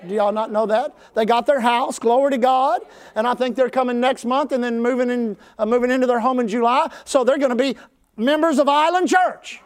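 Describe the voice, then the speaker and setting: A man preaching in a very high voice, leading the congregation in call-and-response. He talks conversationally but with fervor, and at his peak points he breaks into shouts. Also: a little fast. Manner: rising to shouts at peaks. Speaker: pastor. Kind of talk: preaching a sermon.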